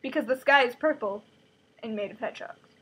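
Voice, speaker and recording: A woman's voice: on the high side, brisk, fairly bright tone, husky. A woman voicing a boastful, flippant seventeen-year-old British boy who rambles on. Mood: smug.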